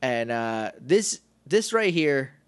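A man co-hosting a casual podcast, recapping a TV episode with lots of laughter and quick acted-out asides. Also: mid-range voice, smooth, dry recording. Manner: excitable, laughs often, acts out lines in quick asides. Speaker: podcast co-host.

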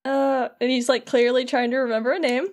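Animated woman recapping a game. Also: a little high, quick pace. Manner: animated storytelling, full of "like". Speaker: podcast co-host. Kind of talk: casual game recap chat.

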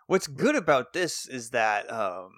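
Male podcast co-host, jokey and laughing, animated pitch, dry sound. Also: slow pace, dry recording. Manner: jokey, laughs mid-sentence, restarts words. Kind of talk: casual chat recapping a TV episode.

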